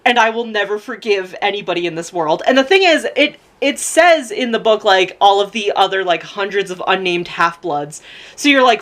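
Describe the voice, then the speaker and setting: A young woman vlogs a casual book review in a mid-range, fairly bright voice with lively intonation and normal speed. She rambles and gushes emotionally, swearing freely with many fillers, close to tears and laughing through crying.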